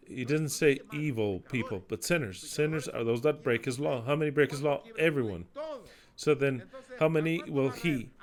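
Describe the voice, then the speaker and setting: A male preacher with a mid-pitched voice delivers an impassioned sermon, reading scripture aloud and breaking off into sarcastic asides. He swears bluntly and swings between loud declamation and low, muttered remarks.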